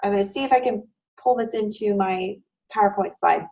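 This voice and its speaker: A woman's voice: mid-range voice, brisk, vocal fry, a little mellow. Distant-sounding woman teaching online. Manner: conversational, checks in with the class often. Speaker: online course instructor. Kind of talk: live online class lecture. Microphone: video call.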